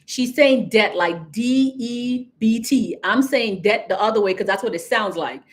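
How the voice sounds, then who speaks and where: A woman's voice: on the high side, measured pace. A woman with a Caribbean accent, coaching viewers in a casual livestream and talking straight to them. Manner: chatty, addresses viewers directly, reads out comments. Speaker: business credit coach.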